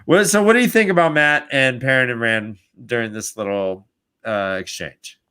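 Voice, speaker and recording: A man's voice: mid-range voice, normal speed, pushed and bright, clean tone. A man hosting a casual book podcast, playful and rambling as he recaps chapters. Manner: playful and rambling, acts out characters. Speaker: podcast host.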